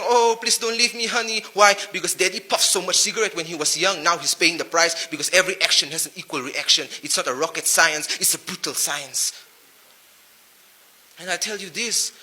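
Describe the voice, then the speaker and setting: A man's voice: sits high, sharp tone. A man with a Naga accent giving a preachy motivational talk to young men, full of rhyming wordplay and rhetorical questions.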